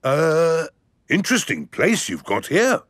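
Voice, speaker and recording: A bumbling know-it-all dad pig. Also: male voice, fairly high pitch, huge pitch swings, a little slow, fairly bright tone, exaggerated voice. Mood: jolly. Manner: bumbling, self-assured. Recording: cartoon voice with music behind.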